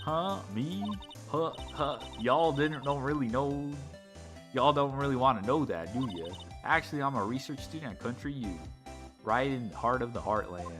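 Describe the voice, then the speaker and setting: A man's voice: mid-range voice, lively intonation, normal speed, natural voice. A man voicing a brash young Southern woman photographer, with a put-on Southern drawl and a feisty, folksy manner. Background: game music.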